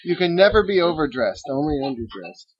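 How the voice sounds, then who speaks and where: A woman hosting a casual family podcast, talking in a halting way with lots of fillers and restarts. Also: lowish voice, sing-song, dull audio, a little hiss or hum. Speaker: podcast host.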